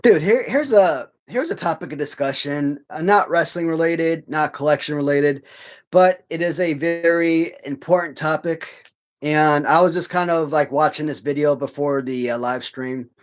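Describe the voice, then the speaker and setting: A man hosting a live stream in casual chat, swearing heavily as he rants in a heated, halting way full of restarts. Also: on the high side. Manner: profane, heated ranting; halting, many restarts and fillers.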